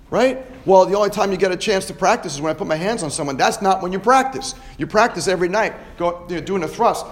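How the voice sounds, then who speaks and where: A man's voice: high-pitched, expressive, fairly quick. A man hosting a podcast, giving an emphatic motivational talk to students and ending many phrases with "right?". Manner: emphatic, repeats "right?" often. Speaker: podcast host and chiropractor.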